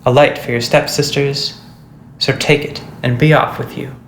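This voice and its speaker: A gruff, threatening old witch , as a man puts her on for a storybook reading. Her voice is low, gravelly and growling, kept hushed as if to menace. It sounds like it was recorded in an echoey room. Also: fairly even intonation, moderate pace, a little hiss or hum, lightly acted. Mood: scornful.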